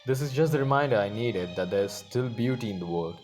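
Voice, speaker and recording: Calm soft-spoken priestess lady, a guy doing her, hopeful and serene. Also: medium pitch, a little fast, soft background music, close to an everyday voice.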